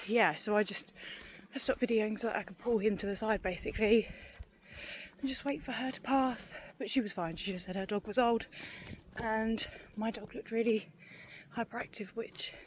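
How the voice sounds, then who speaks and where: Slightly background noise accompanies this woman vlogger, whose voice is a little high and whose pace is normal. She walks her dog outside, chatting and rambling in a self-deprecating way while a little out of breath.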